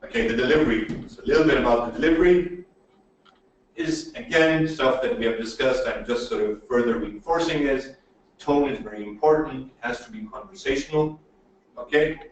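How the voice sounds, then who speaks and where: A man teaching presentation skills in a webinar, animated and emphatic, checking in with "okay?" often. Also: medium pitch, moderate pace, dull audio. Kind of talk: webinar lecture. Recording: very echoey room audio from a distance, faint noise.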